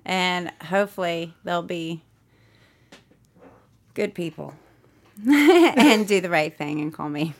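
Animated middle-aged woman telling a story. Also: lowish voice, takes it slowly, long pauses. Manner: animated storyteller acting out quotes, swears often. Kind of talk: casual podcast chat.

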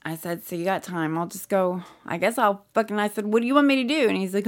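Speaking quickly at medium pitch, a middle-aged mom chats on a casual podcast. She's an animated storyteller who acts out plenty of quotes and swears frequently.

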